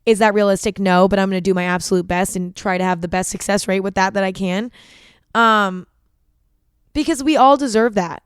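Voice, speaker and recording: A woman's voice: mid-range voice, fairly even intonation, a little fast, clear, resonant tone, dry recording, clean studio sound. A young woman hosting a podcast, talking frankly and confessionally, swearing freely and saying "like" a lot. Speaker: podcast host. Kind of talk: candid solo podcast monologue.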